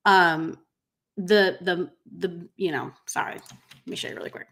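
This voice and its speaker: A woman's voice: fairly low pitch, measured pace, a bit bright. A middle-aged woman business coach talking live to her viewers, rambling with many fillers, emotional and close to tears. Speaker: business coach for pet groomers. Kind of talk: live-streamed coaching talk.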